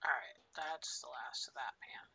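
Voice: mid-range voice, measured pace, sharp tone, in a whisper. A streamer chatting casually on a live stream at home, muttering to themself while they cook.

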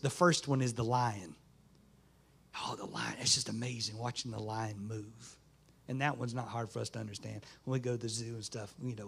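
A man's voice: on the low side, creaky, slight background noise. A man, a pastor preaching a folksy sermon in a small church. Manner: folksy Southern preaching, rising to fervent shouts.

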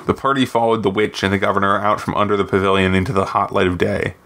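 Low gravelly male narrator. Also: flat delivery, quick pace, fairly bright tone. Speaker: author reading his book. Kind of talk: scripted narration.

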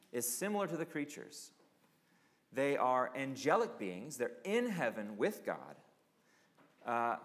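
A man preaching a sermon as pastor, earnest and questioning, who often drops to a hushed voice. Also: medium pitch. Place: church sanctuary. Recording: long reverb of a church sanctuary.

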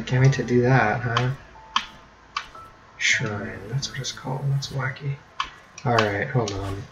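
A man giving casual gameplay commentary, rambling and self-mocking with sudden excited yelps. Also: medium pitch. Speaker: let's play gamer. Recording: keyboard clicks audible behind.

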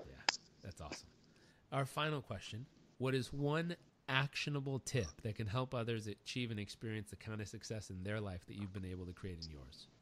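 A man's voice: fairly low pitch, brisk, a little hiss or hum. A man hosting an interview podcast, talking in an earnest, emotional way and telling stories with feeling. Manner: emotional, earnest, animated storyteller. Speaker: podcast host. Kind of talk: warm conversational interview.

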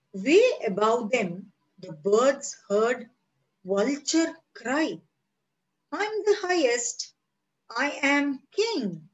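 A woman, reading a story aloud to children and explaining words. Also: fairly high pitch. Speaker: storytelling presenter. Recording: dull lo-fi online recording.

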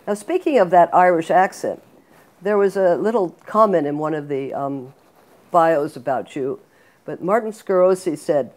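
An older woman hosting an interview, asking questions in a relaxed, conversational way. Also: fairly low pitch, moderate pace. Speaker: interview host, photographer. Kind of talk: casual interview.

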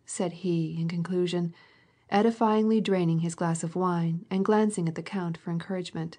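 A woman reading a classic novel aloud as an audiobook in measured, even storytelling. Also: lowish voice. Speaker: audiobook reader. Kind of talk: scripted narration.

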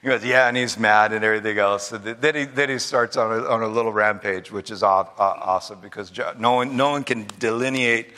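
A man's voice: fairly low pitch, fairly quick, hardly any pauses, sharp tone, long reverb tail. A middle-aged man preaching a sermon, using repetition, humorous asides and rising fervor. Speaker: pastor. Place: large church sanctuary.

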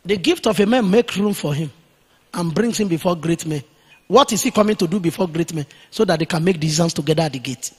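A man preaches with a high, husky voice that rings out in a large church hall with a long reverb. He is emphatic and slows down to dictate key points word by word for his listeners to write down. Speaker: pastor. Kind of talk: sermon.

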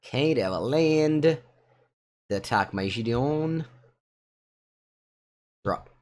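Italian-accented streamer, live card game commentary, mostly mumbled asides broken by loud excited yelps. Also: male voice, mid-range voice, slow. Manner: muttering thoughts aloud, with sudden excited outbursts.

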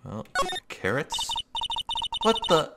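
A man voicing a puzzled young male lawyer in a dry, unhurried way, over loud music. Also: fairly high pitch, very animated, gravelly, full character voice.

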